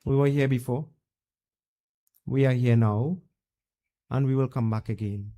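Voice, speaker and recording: A man's voice: mid-range voice, fairly even intonation, a little slow, dark tone. A Trinidadian man, a Hindu pundit, giving a funeral eulogy and telling a religious story in a plain, conversational way.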